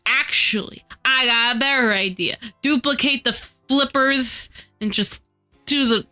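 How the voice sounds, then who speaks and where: A woman streaming while she models in 3D, scolding her software in exasperated outbursts, her nose stuffy from a cold. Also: high-pitched, measured pace, faint music behind. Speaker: VTuber streamer. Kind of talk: casual live-stream chatter while 3D modeling.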